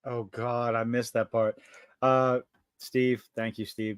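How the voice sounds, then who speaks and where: A man's voice: mid-range voice, flat delivery, measured pace, clear, resonant tone, no echo, clean studio sound. A man co-hosting a casual livestream chat, talking bluntly with lots of swearing and worked-up rants. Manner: blunt, profane, ranting. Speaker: podcast co-host.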